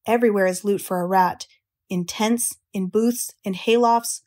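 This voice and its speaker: A woman's voice: mid-range voice, steady tone, normal speed, darkish tone, lightly acted. A woman doing a knowing old sheep. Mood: relishing.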